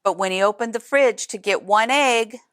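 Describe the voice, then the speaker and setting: A woman reading a picture book aloud in an expressive way, adding chatty asides to young listeners. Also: on the high side, moderate pace, no echo, studio quality. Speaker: storybook reader.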